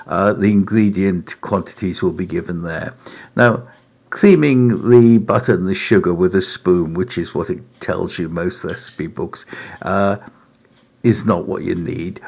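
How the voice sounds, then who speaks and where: A middle-aged man giving a relaxed cooking demonstration in his home kitchen, unhurried and chatty, often saying uh and right. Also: deep voice. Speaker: home cook presenting a recipe.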